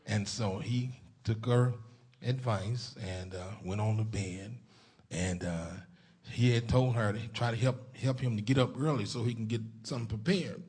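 A man preaching a folksy sermon in a church as a guest preacher, starting soft and building to loud exhortation. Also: fairly low pitch, moderate pace, husky.

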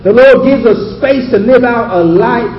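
A man's voice: very high voice, unhurried, muffled recording. A male pastor preaching a sermon, emphatic and asking the congregation questions. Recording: echoey hall audio with slight hiss.

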